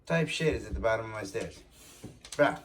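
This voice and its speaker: A man's voice: lowish voice, animated, fairly quick, recorded from a distance, slight background noise. A man filming his dogs on the staircase at home at night, teasing them in playful, casual banter. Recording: loud dog barking in the background.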